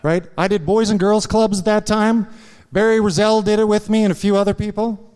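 A man's voice: high-pitched, fairly even intonation, a little fast, darkish tone, smooth. Man preaching a candid sermon in a reverberant church. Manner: candid, confessional storytelling with frequent "right?" asides to the congregation. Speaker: pastor. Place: church sanctuary.

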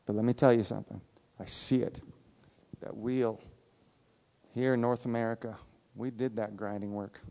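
A man's voice: mid-range voice, little pitch movement, moderate pace, creaky. A man preaching a sermon as a pastor, earnest and emphatic, repeating his points for weight. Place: church sanctuary. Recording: reverberant church hall.

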